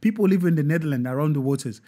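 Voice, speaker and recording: Animated male live-show host, husky. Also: fairly high pitch, racing. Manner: animated, preachy, hesitant with restarts.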